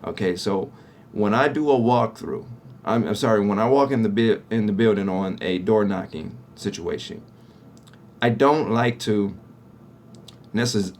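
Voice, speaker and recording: Speaking at a normal pace in a fairly low pitch, a cleaning-company owner coaches fellow owners on sales. The tone is casual and instructional, with frequent "right?" check-ins, and there's slight background noise.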